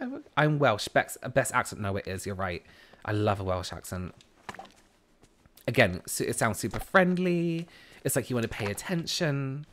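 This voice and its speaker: A man's voice: mid-range voice, expressive, moderate pace, a bit bright, slight background noise. A man from the United Kingdom streaming a game, chatting casually and answering viewer comments as he plays. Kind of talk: casual live-stream chat.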